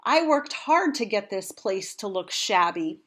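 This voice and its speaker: A woman's voice: medium pitch, big pitch swings, unhurried, a bit bright. A woman voicing a dry, teasing man of the house in a storybook read-aloud. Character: gruff, joking middle-aged man of the house.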